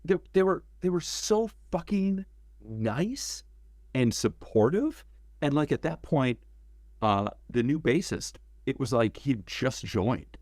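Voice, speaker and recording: A man as an interview guest, telling stories in a casual, animated way, acting out quotes and swearing freely. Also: medium pitch, takes it slowly, dry recording, clean studio sound. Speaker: interview guest, former game cinematics director.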